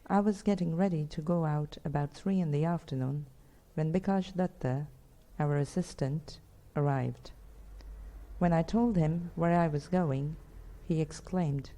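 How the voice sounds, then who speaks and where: Dark, low-voiced woman narrating a story. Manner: measured first-person storytelling. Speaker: audiobook narrator. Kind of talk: scripted narration.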